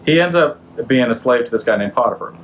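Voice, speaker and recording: A man's voice: medium pitch, expressive, fast, a little hiss or hum, rough recording. Male podcast host, mid-range voice, casual slangy storyteller. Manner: conversational, loose, slangy, asks the listener questions. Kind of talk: casual retelling of a Bible story.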